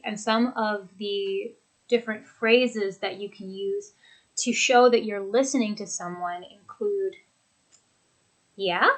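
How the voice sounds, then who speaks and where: A woman teaching an English lesson from a home desk, speaking clearly and deliberately as she demonstrates intonation. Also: mid-range voice, fairly bright tone, rough recording. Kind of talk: recorded lesson. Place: home office with a computer.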